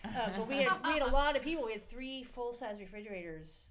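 A woman's voice: on the high side, animated, fast, crowd noise. A middle-aged woman, a podcast guest, telling stories in a candid, profane, rambling way with lots of fillers. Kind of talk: casual storytelling.

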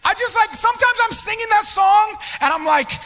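A man preaching a sermon as pastor, candid and self-deprecating, swinging from hushed whispers to shouted emphasis. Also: very high-pitched, a little fast. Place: church auditorium. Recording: long reverb of a large hall.

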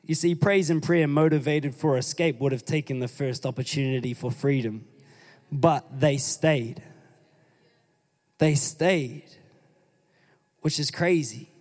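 High-voiced New preacher in a reverberant hall. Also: male voice, measured pace, pauses often, a little mellow. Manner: emphatic preaching, reads scripture aloud, rising exhortations. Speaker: pastor. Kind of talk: sermon.

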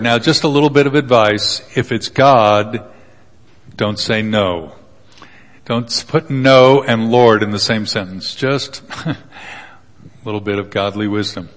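A man's voice: lowish voice, takes it slowly, long pauses. A man preaching a sermon in a casual, joking way, retelling Bible passages with little acted quotes. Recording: long hall reverb.

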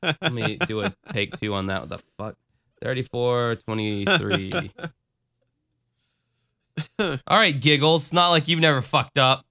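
A man co-hosting a podcast, chatting casually. His voice is bright and forceful, smooth and resonant. He sounds loose and joking and swears freely, recorded close and dry. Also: mid-range voice, expressive, normal speed, no echo. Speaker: podcast co-host. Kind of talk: casual chat.

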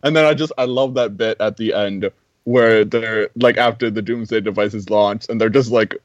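A man's voice: on the low side, fairly even intonation, normal speed, no room sound, muffled recording. A man talking casually about a film, full of "like" fillers and incredulous asides. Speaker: film podcast co-host.

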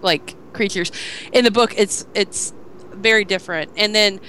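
A woman hosting a podcast in casual chat, relaxed and giving recommendations with small hesitations. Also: medium pitch, normal speed, slight background noise. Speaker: podcast host.

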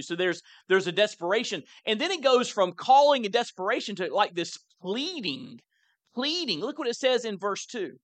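A man's voice: high-pitched, big pitch swings, normal speed, no room sound. A man pastor preaching a sermon in a conversational way, often repeating words as he stresses a point.

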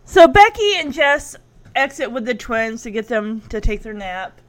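A woman's voice: fairly high pitch, very animated, a little slow. Chatty, giggly woman recapping episodes. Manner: chatty, giggly, acts out the lines.

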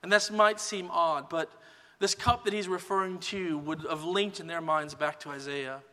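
A man preaching a sermon as pastor, in a relaxed conversational teaching manner. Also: fairly high pitch, normal speed, big-room sound. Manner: relaxed conversational teaching, many "kind of" hedges.

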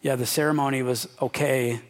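A man's voice: medium pitch, fairly even intonation, fairly quick. A man preaching a sermon as a pastor, informal and joking, speaking straight to his congregation.

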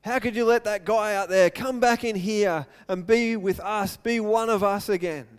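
A man's voice: sits high, normal speed, clear, resonant tone, big-room sound, pitched above the performer's own voice, lightly acted. A man voicing a resentful older brother who indignantly questions his father.

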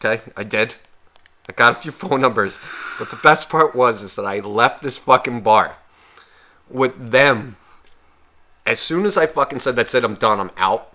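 A young man with a bright, forward voice tells a bar story on a podcast. He swears constantly and acts out every line of dialogue, voicing each person in turn. His pitch sits at an ordinary middle level. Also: normal speed, pauses often. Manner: profane, animated storyteller acting out dialogue. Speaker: podcast co-host. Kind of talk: casual storytelling chat.

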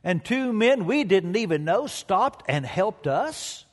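A man voicing a wife gently reminding her husband in a joke. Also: high voice, very animated, slow pace, big-room sound, exaggerated voice. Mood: coaxing.

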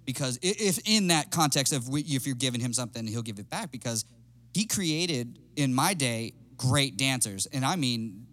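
A middle-aged man telling stories in casual chat as a podcast guest, animated and laughing, loudly acting out the people he quotes. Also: mid-range voice, moderate pace. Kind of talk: casual storytelling.

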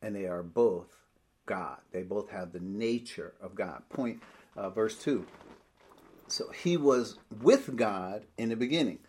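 A man with a fairly low voice teaches a bible study in a plain, explanatory way. He breaks each verse down step by step and slows down whenever he reads scripture aloud. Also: a little mellow, a little hiss or hum.

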